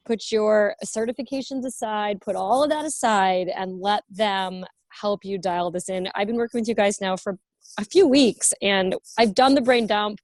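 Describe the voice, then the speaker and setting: A woman's voice: mid-range voice, normal speed, no echo. A woman coaching client giving a teary, gushing testimonial on a group video call. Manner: gushing, emphatic. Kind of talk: heartfelt spoken testimonial.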